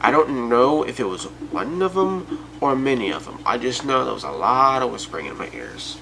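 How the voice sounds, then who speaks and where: A man's voice: mid-range voice, sing-song, normal speed, vocal fry, background noise. A man telling a personal story and talking casually and directly to his viewers. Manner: chatty, addresses viewers directly. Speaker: YouTube storyteller.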